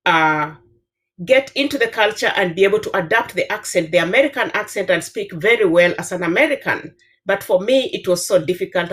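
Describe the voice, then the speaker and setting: A Kenyan woman in her fifties, a professor with a Kenyan accent, giving earnest advice on a panel with frequent filler pauses. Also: medium pitch. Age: 50s. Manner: earnest, advising, many filler uhs. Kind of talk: panel discussion answer.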